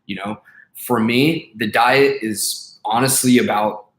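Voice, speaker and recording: A man's voice: medium pitch, fairly even intonation, slow pace, fairly bright tone. A young man ranting casually to camera, blunt and profane, full of fillers and exasperation. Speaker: vlogger and life coach. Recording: echoey room.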